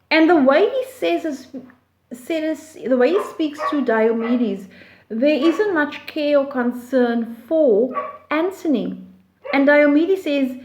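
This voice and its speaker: A woman explains a play slowly, with many fillers and restarts. Her voice sits high. The recording has a roomy echo. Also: expressive, a little mellow. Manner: slow, deliberate, with frequent fillers and restarts. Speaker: literature teacher.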